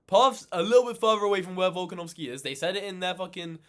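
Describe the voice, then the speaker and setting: A man ranting in casual reaction commentary, animated and swearing a lot, exasperated. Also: sits high, fast. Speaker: reaction channel host.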